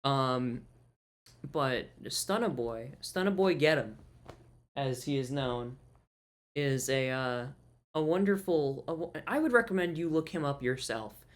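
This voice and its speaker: A male podcast co-host chats casually, rambling and swearing and frequently breaking into laughter. His mid-range voice has lively intonation and moves a little slowly.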